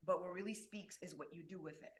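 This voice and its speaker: A woman's voice: fairly low pitch, fast talker. A woman from Mexico talking casually about her schooling in graphic design, chatty and restarting her sentences often. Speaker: designer and guest. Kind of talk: casual conversation.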